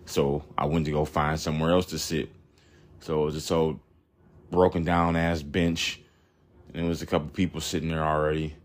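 Deep-voiced man telling a crude story. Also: level tone, normal speed. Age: 30s. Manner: rambling, blunt and crude, with frequent fillers. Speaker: podcast host. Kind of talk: profane storytelling monologue.

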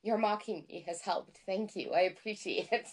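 A woman co-hosting a podcast in casual chat, excitable and self-deprecating, stumbling over words when she gets worked up. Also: mid-range voice, moderate pace. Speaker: podcast co-host.

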